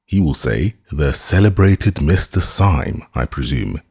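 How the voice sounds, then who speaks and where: Giddy, theatrical young gent, rapid and declamatory, swooping highs and lows, as a man reads him. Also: animated, creaky, a little mellow, slightly rough, exaggerated voice. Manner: rapid, high-spirited, declamatory.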